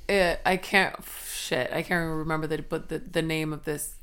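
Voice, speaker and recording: A woman with a slightly low voice co-hosts a laid-back music podcast. She talks in an easy, relaxed way, laughs readily, and mostly chimes in with short agreeing replies. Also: moderate pace, clean tone. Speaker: podcast co-host. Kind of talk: casual chat about music.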